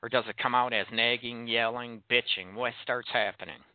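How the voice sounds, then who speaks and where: A man with a medium-pitched, steady, clear, and resonant voice hosts a call-in radio show about relationships, speaking at a moderate pace. He's frank and fires blunt rhetorical questions at listeners. There's no echo; the sound is dry and tinny, phone-like.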